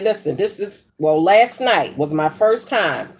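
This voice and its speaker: A woman's voice: on the low side, animated, unhurried, slight background noise. A middle-aged woman chatting casually while she cooks in her home kitchen, brash and profane as she tells gossipy stories. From United States. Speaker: vlogger. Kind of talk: casual chat while cooking.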